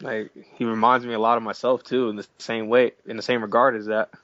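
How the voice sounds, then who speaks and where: A man guesting on a gaming podcast, talking in a relaxed, casual way with lots of "like". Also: medium pitch, a little fast, no echo. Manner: relaxed, says "like" often, laughs. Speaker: podcast guest, competitive player. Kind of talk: casual podcast chat about fighting games. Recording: dull lo-fi audio.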